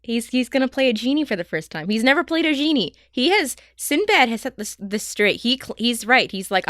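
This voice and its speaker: A woman co-hosting a podcast in casual chat, animated and teasing, full of fillers. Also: a little high, a little fast, few pauses, dry recording, studio quality. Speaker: podcast co-host.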